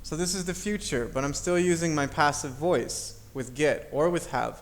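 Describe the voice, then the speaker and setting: A man's voice: a little high, moderate pace, hardly any pauses. A man teaching an English grammar lesson, explaining patiently and checking understanding with "okay?". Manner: patient, repeats key points, checks with "okay?".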